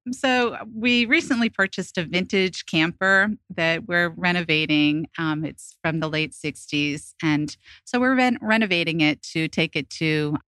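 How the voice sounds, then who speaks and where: A woman speaks in a fairly low voice, answering questions as a guest on a radio show. She explains things in a friendly, patient way, with the odd "um". The sound is close and dry. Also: measured pace, hardly any pauses, sharp tone, no echo. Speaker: guest, pie shop owner. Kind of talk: radio interview.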